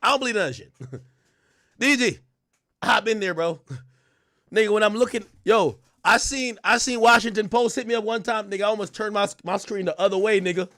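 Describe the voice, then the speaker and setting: A man streaming live, telling stories loudly and animatedly, acting out quotes and laughing often. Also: high voice, brisk. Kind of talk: livestream commentary.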